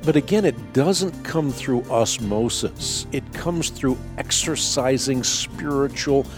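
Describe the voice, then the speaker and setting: A man hosting a call-in radio show, answering a caller's Bible questions in a measured, emphatic teaching tone. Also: medium pitch, over music. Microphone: studio microphone.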